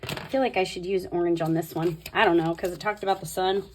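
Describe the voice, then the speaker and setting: A woman's voice: lowish voice, steady tone, fast talker, a little hiss or hum. A woman host talking casually through a Bible tabbing tutorial, thinking aloud as she marks pages. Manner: chatty, thinking aloud while marking her Bible. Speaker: Bible study video host.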